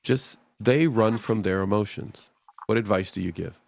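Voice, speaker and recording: A man's voice: fairly low pitch, normal speed, vocal fry, a little hiss or hum. A man hosting a casual talk show, rambling and speaking straight to his audience. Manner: rambling, addresses the audience directly. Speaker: host.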